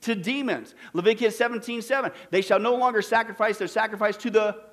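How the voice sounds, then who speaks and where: Male pastor, high voice, brisk Bible study delivery that keeps quizzing the room. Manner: rapid scripture citations with rhetorical questions to the audience.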